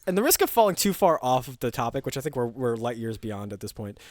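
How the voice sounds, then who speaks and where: Fast-talking man, dry close mic. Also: medium pitch, sing-song, no echo. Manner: rambling, swearing storyteller. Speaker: podcast co-host. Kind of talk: casual chat.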